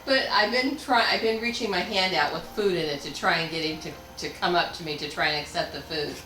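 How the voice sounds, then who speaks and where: A woman's voice: on the low side, fairly quick, sharp tone, reverberant, slight background noise, poor audio. A woman from Ohio chiming in on a casual live chat. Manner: chatty, chiming in.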